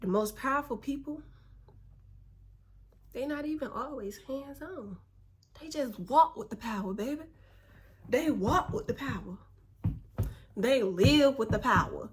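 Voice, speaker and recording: A young woman in a relaxed, slangy motivational chat, calling her viewers "baby". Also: high voice, measured pace, pauses often. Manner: laid-back, slangy, spiritual encouragement, calls viewers "baby". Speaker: vlogger.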